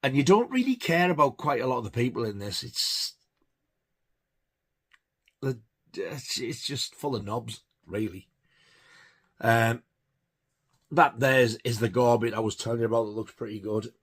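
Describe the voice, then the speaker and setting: A man's voice: mid-range voice, animated, measured pace, long pauses, slightly rough. A man giving a casual, rambling film review, hesitant with many fillers. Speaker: film collector reviewing horror films.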